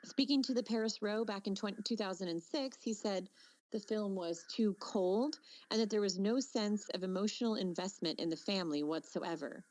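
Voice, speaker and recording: A woman's voice: mid-range voice, moderate pace, darkish tone, dry recording, rough recording. A woman co-hosting a casual podcast, chatty and full of fillers and restarts. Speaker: podcast co-host.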